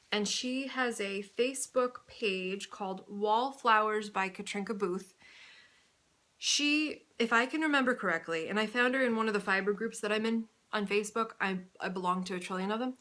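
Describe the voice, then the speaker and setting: A woman chats on her home video podcast with a bright, forward voice, gushing and rambling from one thing to the next. Her pitch sits in an ordinary middle range, and the talk stays loose and unscripted. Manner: chatty, gushing, rambling with frequent laughs. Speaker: podcast host. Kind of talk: casual video podcast chat. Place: indoors at home under a bright light.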